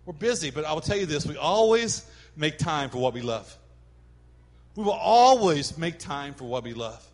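A middle-aged man preaching a sermon as pastor, animated and acting out quoted voices, in a church sanctuary. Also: a little high, normal speed. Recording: long hall reverb.

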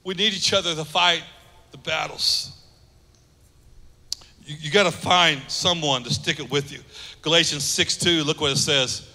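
A man pastor preaching a sermon, earnest, repeating phrases for emphasis and dropping soft on key lines. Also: a little high, fairly even intonation, a little slow, pauses often, long reverb tail.

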